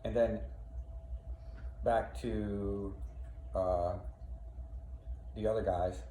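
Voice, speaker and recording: A man's voice: on the low side, steady tone, extremely slow, pauses often, dark tone. A male teacher walking through a play scene by scene, paraphrasing the lines in casual, plain words. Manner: reads lines aloud, then paraphrases in plain slang. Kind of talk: casual literature lesson, explaining a play scene by scene. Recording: echoey room, faint background noise.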